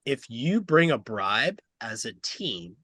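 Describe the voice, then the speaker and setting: Dude on a race podcast, mid pitch, super animated story voice. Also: male voice, slow, husky, no echo. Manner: animated anecdote telling. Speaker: podcast co-host, race judge. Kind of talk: casual chat.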